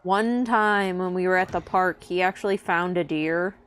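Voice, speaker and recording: A woman's voice: on the low side, normal speed, a little hiss or hum. A woman in casual chat on a game stream, telling stories and reading chat messages aloud. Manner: chatty storyteller, reads chat aloud. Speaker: stream co-host.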